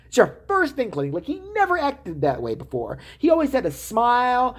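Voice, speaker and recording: A woman's voice: fairly low pitch, wildly swooping pitch, brisk, hardly any pauses, husky. A woman vlogger giving profane, sarcastic commentary with frequent swearing. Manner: sarcastic, swearing, laughing asides.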